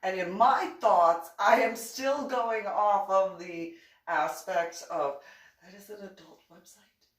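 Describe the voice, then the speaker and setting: Slow, chatty middle-aged woman, echoey room. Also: deep voice. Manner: chatty, animated, amused. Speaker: YouTube channel host. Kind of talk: casual personal storytelling. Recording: echoey room, distant mic.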